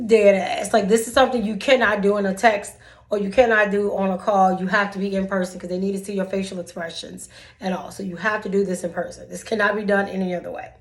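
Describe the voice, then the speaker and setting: A woman talking straight to her viewers in a casual storytelling vlog. She is dramatic, acting out both sides of a conversation. Her voice sits at a middle pitch. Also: fairly even intonation, brisk. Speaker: vlogger giving dating advice.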